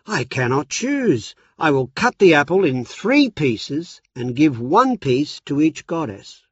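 A man's voice: a little high, very animated, takes it slowly, breathy edge, dry recording, exaggerated voice. An innocent young shepherd prince, naive and full of wonder, put on by a man reading a storybook. The sound is dry and slightly dull.

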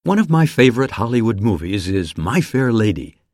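A man reading a personal essay aloud in a slow, careful manner with measured emphasis. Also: fairly low pitch, sing-song, a little mellow, dry recording, studio quality.

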